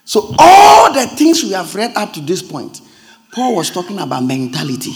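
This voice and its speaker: A pastor preaching a sermon in a high voice that leaps around in pitch. He explains like a teacher, keeps asking if he is understood, and swells into loud, emphatic preaching. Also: big pitch swings, normal speed. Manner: teacherly, checks understanding with repeated questions.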